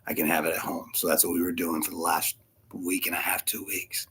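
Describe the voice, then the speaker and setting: A man preaching a casual sermon, short of breath with fluid in his lungs, animated and laughing often between soft asides. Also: deep voice, a little fast, slight background noise. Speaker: pastor.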